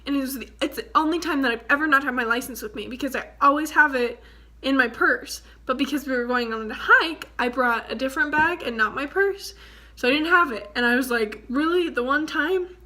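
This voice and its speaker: A woman's voice: high voice, a little fast. A young woman vlogger telling a story casually to the camera, chatty and full of "like". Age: young adult. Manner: chatty, fillers of "like", animated retelling.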